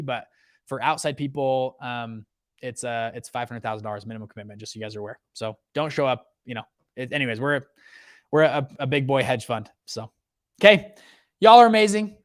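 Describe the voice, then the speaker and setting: A man in his thirties, the host, giving a casual rant about economics, lively and full of restarts and acted quotes. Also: mid-range voice, brisk. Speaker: host, fund manager.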